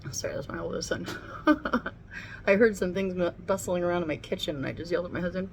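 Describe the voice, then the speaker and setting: Gravelly-voiced chatty woman vlogger. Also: lowish voice, fast, a little hiss or hum. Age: middle-aged. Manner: chatty, blunt, swears freely. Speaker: beauty vlogger. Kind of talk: casual get-ready-with-me chat. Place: home room near the kitchen.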